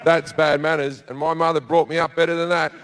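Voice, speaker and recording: A man doing crude, deadpan stand-up storytelling on stage with a handheld mic. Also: a little high, fairly quick, smooth. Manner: crude, deadpan storytelling with sudden loud bursts. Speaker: stand-up comedian. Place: stage before a live audience.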